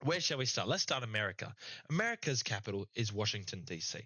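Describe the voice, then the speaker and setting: A man's voice: lowish voice, sing-song, fast talker, pushed and bright, no room sound, poor audio. A young Australian man co-hosting a casual sports podcast, fired up and swearing in mock outrage. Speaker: podcast co-host.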